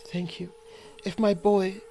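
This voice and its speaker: A man voicing a grieving, exhausted blacksmith's widow who talks in shaky, hurried bursts. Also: sits high, level tone, creaky, mellow, slight background noise, voice pushed up, exaggerated voice.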